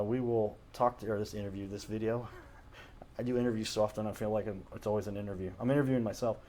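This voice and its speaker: This show host's voice is mid-range and darkish as he talks alone to his camera from a home studio, earnest and rambling, pausing often to fix what he said. He records it himself using the camera's mic.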